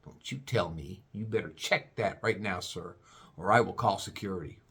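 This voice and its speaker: A man voicing a snippy, stern woman airport security agent who scolds slowly and firmly. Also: low voice, fairly bright tone, breathy edge, voice pushed down, exaggerated voice. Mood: scolding. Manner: scolding, drawn-out.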